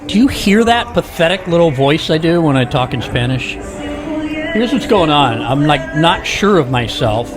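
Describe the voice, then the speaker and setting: A man's voice: a little high, expressive, moderate pace, hardly any pauses, over music. A man chatting to viewers as he walks a busy city street, filming a casual tour vlog. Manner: chatty, talks to viewers while walking. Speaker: walking tour vlogger. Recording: street noise behind. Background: city street ambience.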